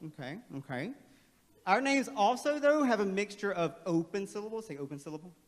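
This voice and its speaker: A man leading a playful, energetic, interactive staff training workshop in a large auditorium. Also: sits high, fairly quick. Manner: playful, energetic, calls on the crowd. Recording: long hall reverb.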